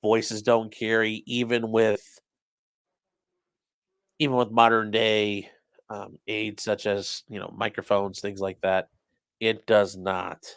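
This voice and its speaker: A man's voice: on the low side, flat delivery, slow pace, pauses often, fairly bright tone, no room sound. A man who has worked as a defense attorney, talking loosely about a trial in casual live-stream commentary, swearing and acting out courtroom exchanges. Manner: loose and profane, acts out courtroom quotes.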